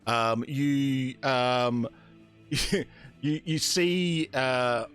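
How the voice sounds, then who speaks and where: A man's voice: medium pitch, drawn-out words, a bit bright, faint music behind. A man from Northern Ireland running a tabletop game as game master, hesitant and full of fillers.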